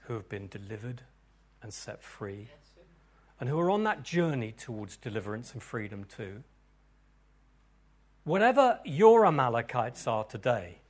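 This pastor's medium-pitched, breathy male voice carries a sermon and prayer for his congregation. He drops almost to a whisper, then rises into loud, fervent declarations.

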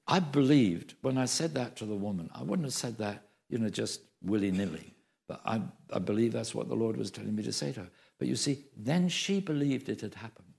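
Man, preacher, sermon, gravelly voice, emphatic, repeats key phrases. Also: medium pitch, a little mellow.

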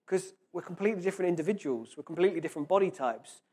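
A man giving an informal sermon, chatting casually and reading scripture slowly with emphasis. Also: high-pitched, darkish tone. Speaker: preacher.

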